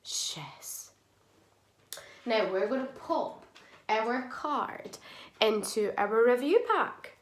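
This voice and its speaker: A woman teaching a phonics lesson to young children, sounding out words slowly and clearly and praising often. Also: fairly high pitch, animated.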